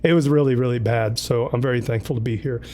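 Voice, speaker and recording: A man's voice: medium pitch, steady tone, quick pace, dark tone, soft background music. A man hosting a casual livestream, upbeat and chatty, running through announcements and names. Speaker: livestream host.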